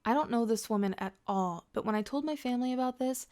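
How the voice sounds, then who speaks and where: A woman reading first-person drama stories aloud in a steady scripted narration. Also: on the high side, fast.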